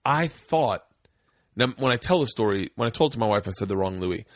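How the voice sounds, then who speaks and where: A middle-aged man hosting a podcast, telling a story in casual chat, swearing freely and acting out shouted quotes. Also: on the low side, animated, brisk, no room sound, studio quality. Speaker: podcast host. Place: indoor studio room.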